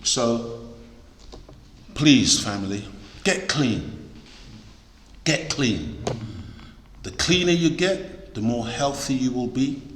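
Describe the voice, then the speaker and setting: Bright exhorting male preacher in a hall. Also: mid-range voice, animated, slow pace, pauses often, a little hiss or hum. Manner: emphatic, exhorting, repeats key words. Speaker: preacher, lecturer. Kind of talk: sermon to a congregation. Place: large echoey hall. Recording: echoey hall with long reverb.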